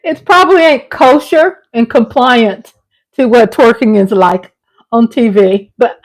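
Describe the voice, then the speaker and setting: A woman's voice: a little high, a little slow. A woman with a Southern US accent hosting a casual livestream vlog, chatty and playful, laughing often. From Texas. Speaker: vlog host.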